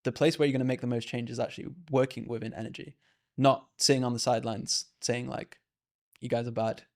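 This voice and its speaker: A man hosts a casual podcast, talking quickly in a relaxed, easygoing way. He keeps dropping "like" into his sentences as he follows up on his guest. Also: mid-range voice. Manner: laid-back, leans heavily on "like". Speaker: podcast host.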